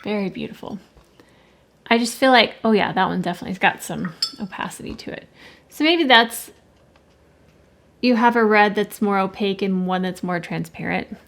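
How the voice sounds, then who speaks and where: A woman's voice: mid-range voice, normal speed, gravelly, pauses often, fairly bright tone. Woman musing while swatching paints. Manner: musing, rambling, self-correcting. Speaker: art channel host. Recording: faint background noise with clicks.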